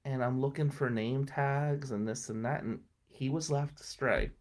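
A middle-aged man with a voice pitched in a plain middle register tells a story in a relaxed, conversational way. He is blunt and swears easily, and he gets animated, pushing hard on big moments and dropping quiet for tender ones. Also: moderate pace. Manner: animated, emphatic, swings between loud and hushed. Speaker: podcast guest telling a life story. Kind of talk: casual storytelling.

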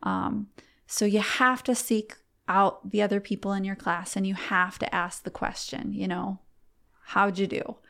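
A middle-aged woman, a guest on a podcast, telling a personal story in a heartfelt, halting way with frequent restarts. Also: medium pitch, level tone, vocal fry, a bit bright. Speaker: podcast guest, competitive archer.

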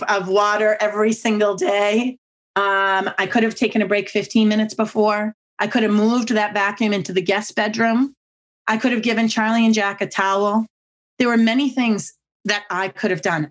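A woman guest on a podcast, mid-pitched and expressive. She tells stories with emphasis, repeats her own catchphrases, and jumps high in pitch when she quotes others. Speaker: guest speaker on body language. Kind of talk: animated storytelling on a podcast.

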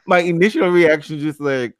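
A man co-hosting a casual chat show, talking in an animated, joking way and often repeating "you know what". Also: fairly high pitch, a little fast, dry recording. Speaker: podcast co-host.

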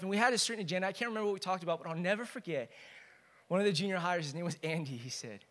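A young man preaching a sermon as pastor, swinging from loud exhortation to quiet, hushed storytelling. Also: sits high, racing.

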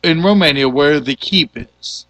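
A man hosting a casual movie podcast, retelling a film plot in an animated, loose way with the odd curse. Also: fairly high pitch, unhurried, no echo, rough recording. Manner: animated storyteller, loose and profane. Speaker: podcast host.

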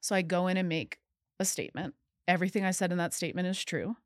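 A woman's voice: fairly low pitch, steady tone, very fast, no echo, clean studio sound. A woman, earnestly recounting events as a guest in an interview. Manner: earnest, recounting events in detail, at times emphatic. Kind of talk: interview storytelling.

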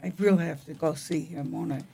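An older woman co-hosting a casual chat about the week's feast days, with a gravelly voice and frequent throat clearing, speaking in a wry, halting way. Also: low voice, dark tone. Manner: unhurried, wry, halting reading. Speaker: co-host.

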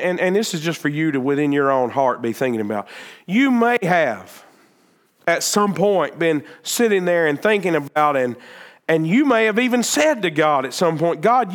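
High-voiced emphatic male preacher. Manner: earnest, emphatic preaching with repeated phrases and restarts. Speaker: pastor. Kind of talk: sermon.

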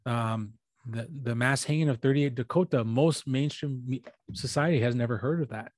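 A man in his thirties, a comedian and actor appearing as a podcast guest, who talks in a relaxed, thoughtful way with frequent ums and pauses. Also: medium pitch, no echo, clean studio sound. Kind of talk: casual interview chat.

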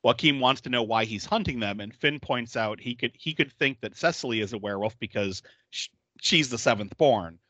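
A man's voice: mid-range voice, fairly quick, hardly any pauses, pushed and bright, dry recording. A man hosting a podcast, recapping a movie in casual chat, laughing often and acting out the characters' lines. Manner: laughs often while retelling scenes; acts out quotes in exaggerated voices. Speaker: podcast host.

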